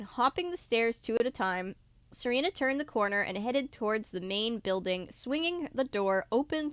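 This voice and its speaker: A woman's voice: a little high, no echo. A woman reading a manga adaptation aloud in a casual, playful way, adding her own asides and laughing between passages. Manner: playful, laughs between lines, animated quoted voices.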